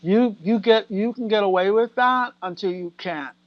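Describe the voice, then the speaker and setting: An American actress talking casually as a guest in an interview, animated and laughing often as she acts out what people said. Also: medium pitch, moderate pace, no echo, dull audio. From United States. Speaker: guest actor.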